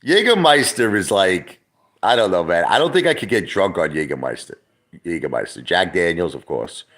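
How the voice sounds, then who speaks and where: A middle-aged New man with a very deep voice talks off the cuff on a livestream. His pitch leaps around as he rambles, curses freely and circles back over his own words. He comes across as loose and chatty. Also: sing-song, moderate pace, a bit bright. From Brooklyn, New York. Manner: rambling, profane, repeats himself. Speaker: livestream host. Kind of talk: casual livestream chat.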